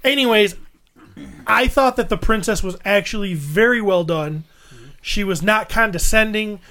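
A man with a notably high speaking voice co-hosts a loose movie review chat. He rambles, doubling up words while he hunts for the point. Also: normal speed, bright, forceful tone. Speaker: podcast co-host.

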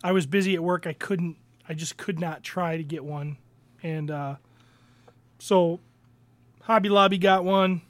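High-voiced man in casual podcast chat. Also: steady tone, unhurried, pauses often, no room sound. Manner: rambling, hesitant, with restarts. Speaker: podcast co-host.

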